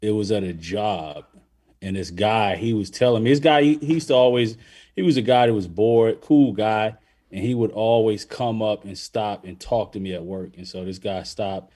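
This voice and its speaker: A man's voice: on the low side, normal speed, warm tone. An adult man telling a rambling, profane story in casual podcast chat. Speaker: podcast host.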